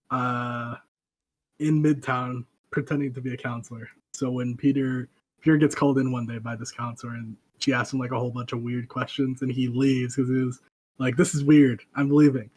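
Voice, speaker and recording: Flat-voiced young man, easygoing. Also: medium pitch. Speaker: podcast co-host. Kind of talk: casual chat.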